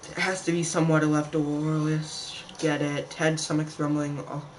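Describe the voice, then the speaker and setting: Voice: medium pitch, level tone, moderate pace, a little hiss or hum, poor audio. A gamer doing casual let's-play commentary, chatting to viewers and reading game text aloud. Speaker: gamer playing a survival game.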